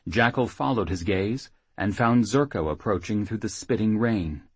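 A man reading a fantasy audiobook as narrator, in a steady, even way. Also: on the low side, normal speed, slightly rough, dry recording.

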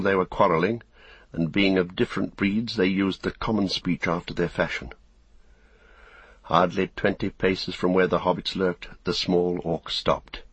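Deep-voiced man narrating an audiobook steadily, husky tone, dry close sound. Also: no echo, dull audio. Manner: measured, deliberate reading. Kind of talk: scripted narration.

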